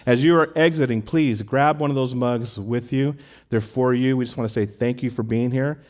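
Associate pastor giving church announcements. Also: male voice, medium pitch, moderate pace. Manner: casual, warm-hearted church talk with fillers. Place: church sanctuary.

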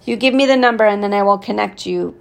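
A woman's voice: medium pitch, fast, vocal fry, natural voice. A woman reading aloud as a sleepy, distracted hotel clerk giving directions. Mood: helpful. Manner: helpful, distracted.

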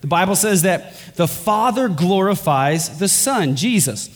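A man's voice: animated, slow, few pauses. Earnest preaching man in an echoing hall. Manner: earnest, emphatic preaching that rises in pitch on key points. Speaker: pastor. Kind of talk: sermon. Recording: long hall reverb with faint music.

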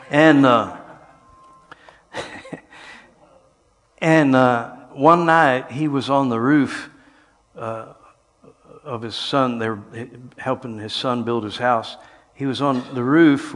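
An older man preaching a sermon, telling stories and swinging between quiet passages and loud, shouted lines. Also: medium pitch. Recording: long hall reverb.

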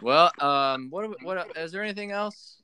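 A man's voice: a little high, unhurried, bright, forceful tone, smooth, no room sound, rough recording. A man hosting a casual wrestling podcast, talking in a loose, rambling, hesitant way. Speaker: podcast host. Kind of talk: casual chat.

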